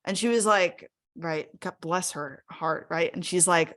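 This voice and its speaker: Woman, webinar storyteller; slightly low pitch, chatty and filler-heavy, animated when she quotes herself. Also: a little slow, few pauses. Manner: conversational, fillers like 'like' and 'right?'. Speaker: speaker sharing her personal story. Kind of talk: personal story told in a live webinar.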